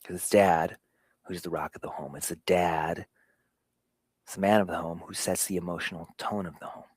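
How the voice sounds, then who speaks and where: A man hosting a show, giving an earnest motivational talk on fatherhood, swinging between hushed and emphatic delivery. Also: sits low, steady tone, normal speed, husky, dry recording. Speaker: show host.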